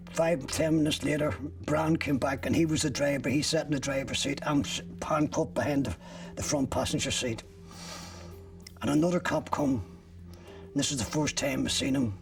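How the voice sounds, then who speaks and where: A man's voice: mid-range voice, creaky, recorded from a distance. An older man from Ireland bluntly retelling his own arrest in vivid first-person detail, swearing freely. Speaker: interviewee recounting his arrest.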